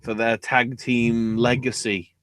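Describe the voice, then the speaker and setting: A man co-hosting a podcast in casual chat, swearing often and bursting into excited outbursts. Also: mid-range voice, slow pace, no room sound. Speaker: podcast co-host.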